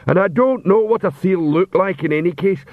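A man voicing a big, dim, cheerful male troll guard who talks in a slow, plodding, earnest way. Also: sits high, dry recording, voice pushed up. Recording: dull, dry audiobook recording.

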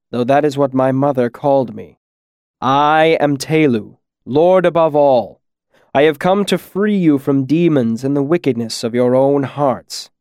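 Man doing a deep commanding god in youthful form, slow measured proclamations, dry close sound. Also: a little mellow, smooth, no echo, natural voice. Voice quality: powerful and deep. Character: divine male lord in a young man's body, commanding.

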